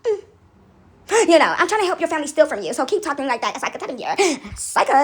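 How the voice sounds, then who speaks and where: Animated high-voiced woman preaching casually. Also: very fast. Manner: animated, preachy, acts out little voices with laughs. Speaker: spiritual talk host. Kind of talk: casual spiritual pep talk.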